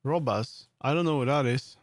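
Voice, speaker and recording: Live-streaming while building in 3D, a Swedish-accented man chats casually at normal speed and medium pitch. He rambles with plenty of fillers and restarts, and there's no room sound.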